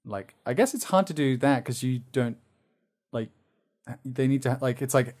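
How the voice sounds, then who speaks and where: A man chatting on a podcast at an average pitch. He rambles, fills his sentences with "like", and keeps restarting his thoughts. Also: expressive, moderate pace, a little mellow. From Australia. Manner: rambling, many fillers and restarts, drops into silly voices. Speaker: podcast co-host. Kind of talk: casual chat.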